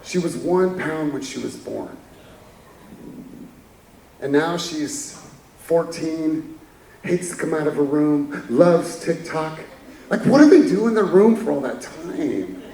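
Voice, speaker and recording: A man's voice: fairly high pitch, big pitch swings, slow, creaky, pauses often, dark tone, recorded from a distance, slight background noise. Chuckling man speaking in an echoey hall. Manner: candid, chuckling storyteller. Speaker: keynote speaker. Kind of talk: motivational stage talk. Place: conference hall stage.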